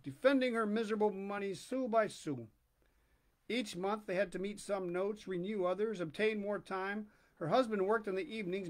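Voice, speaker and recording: A man hosting a reading channel, reading a classic short story aloud slowly and deliberately, with dramatic pauses. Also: sits high. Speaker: host and story reader.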